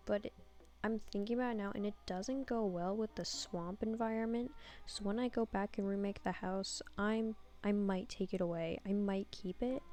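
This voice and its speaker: Woman, casual voiceover, rambling, self-deprecating, sarcastic, mellow voice, faint music underneath. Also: medium pitch. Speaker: video creator narrating her own game build.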